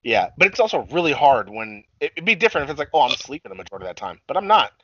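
A man's voice: medium pitch, sing-song, racing, muffled recording, noisy background. A young man co-hosting a casual podcast, profane and self-deprecating, laughing often. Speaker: podcast co-host.

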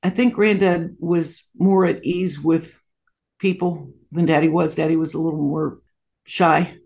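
A woman's voice: sits low, fairly even intonation, measured pace, gravelly. A woman in her sixties, a guest in an interview, telling family stories anecdotally with frequent asides. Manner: warm anecdotal storytelling with frequent laughs and asides. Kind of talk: storytelling interview.

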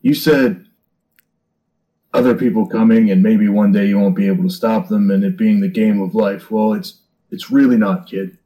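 A man playing his character in a tabletop game, talking in a steady, firm, reasoning way. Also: on the low side, normal speed, low-quality recording. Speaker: player.

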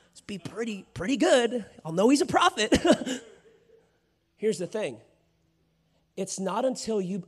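A man preaching a sermon as pastor, energetic and building to shouts, acting out quoted lines from scripture. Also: sits high, husky. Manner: acts out Bible characters' lines in quoted voices.

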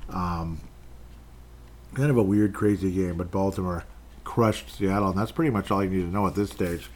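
A man's voice: low voice, normal speed, a little mellow, a little hiss or hum. A man hosting a casual sports recap podcast, rambling and joking with asides as he runs through the scores. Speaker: podcast host.

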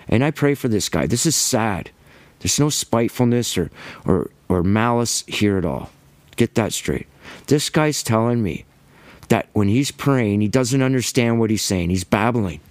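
A man giving an impassioned religious monologue, emphatic and ranting, with quick bursts and repeated words. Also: mid-range voice, animated, no room sound. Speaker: Christian commentator.

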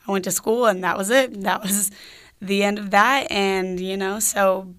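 A woman's voice: medium pitch, steady tone, unhurried, fairly bright tone, clean tone. A young woman from Georgia in the US, telling a personal story in a casual, chatty way with lots of "like" fillers. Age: young adult.

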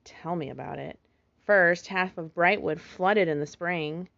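A woman's voice: fairly low pitch, a little slow, gravelly, a bit bright. A woman voicing a young boy fox kit, an anxious older brother who talks in an earnest, fretful way, in a slightly muffled recording. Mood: glum.

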